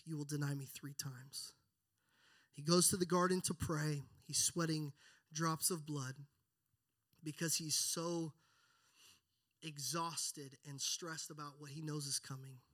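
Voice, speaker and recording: A man with a slightly higher voice preaches earnestly. He reads scripture passages aloud with feeling, leaning into the words and then easing back to a hushed, reverent tone. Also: fairly even intonation, unhurried. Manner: earnest, builds then drops to hushed prayer. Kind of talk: sermon with scripture reading.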